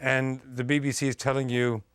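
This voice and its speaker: A man's voice: mid-range voice, flat delivery, brisk, fairly bright tone, a little hiss or hum. A man conducting an interview with probing, amused follow-up questions.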